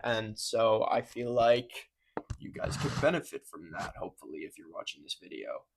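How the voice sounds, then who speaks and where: A man's voice: lowish voice, big pitch swings, normal speed, vocal fry, noisy background. Casual rambling male vlogger. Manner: rambling, self-interrupting, offhand. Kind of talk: casual chat to camera. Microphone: close microphone.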